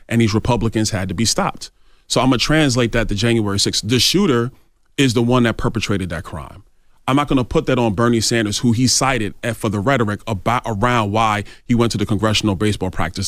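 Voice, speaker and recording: Low-voiced, assertive male congressman. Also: fast, dry recording, clean studio sound. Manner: assertive, argumentative. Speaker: congressman guest. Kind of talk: radio interview.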